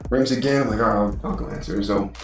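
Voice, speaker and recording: A young adult man from Utah, a college football player and podcast co-host, tells a story in casual chat, very fast and animated. His mid-range voice acts out other people's lines, and he laughs often.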